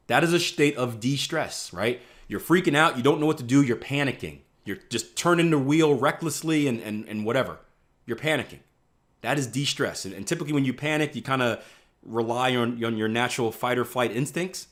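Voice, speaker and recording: A man's voice: mid-range voice, brisk, fairly bright tone. A man from the Northeast US teaching a live online trading class in a conversational way, often checking in with "right?" and acting out panicked traders. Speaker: trading instructor.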